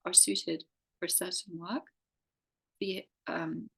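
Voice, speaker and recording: A woman's voice: on the low side, fairly even intonation, takes it slowly, creaky, a bit bright, husky, rough recording. A woman teaching a faith class to a group, earnest and asking many rhetorical questions. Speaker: teacher and coach.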